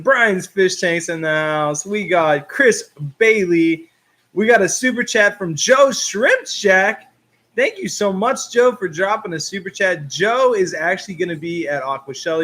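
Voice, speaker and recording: A man with a slightly raised, fairly high speaking voice hosts a relaxed live stream. He chats along, reads out viewer comments, and laughs at himself between loose filler words. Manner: chatty, reads out viewer comments and greets them. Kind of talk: casual live-stream chat.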